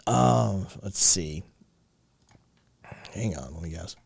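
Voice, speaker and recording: A man's voice: low voice, expressive, slow pace, gravelly, breathy edge. A man hosting a casual livestream, rambling and swearing as he answers chat messages. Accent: slight Southern drawl at times. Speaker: podcast host.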